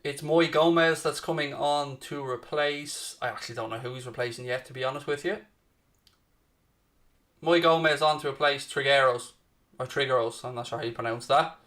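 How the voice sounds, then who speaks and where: Casual man calling a match, higher voice. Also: fairly quick. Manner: relaxed, answers chat messages between play-by-play. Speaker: watchalong host. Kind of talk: casual match commentary and chat.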